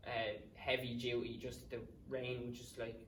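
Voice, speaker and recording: A man's voice: mid-range voice, completely flat delivery, background noise. Irish guy in his twenties, casual guest yarn, rambling and salty, mic set back in a roomy space. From Ireland. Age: 20s. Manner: rambling, swears freely, quick asides. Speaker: podcast guest. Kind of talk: casual storytelling. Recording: roomy sound, distant mic.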